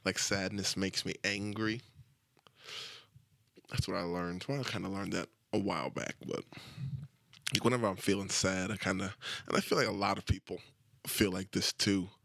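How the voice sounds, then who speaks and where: Crude, rambling young man, low voice. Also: steady tone, normal speed, creaky, pauses often, fairly bright tone, dry recording. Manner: crude, self-deprecating and rambling, with frequent swearing. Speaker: podcast host. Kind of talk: casual solo podcast monologue.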